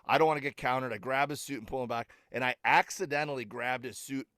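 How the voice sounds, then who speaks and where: A man's voice: mid-range voice, fast, no room sound. A middle-aged man, a comedian guest, telling stories in casual podcast chat, full of fillers and acted-out quotes. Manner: animated storyteller, filler-heavy, acts out quotes.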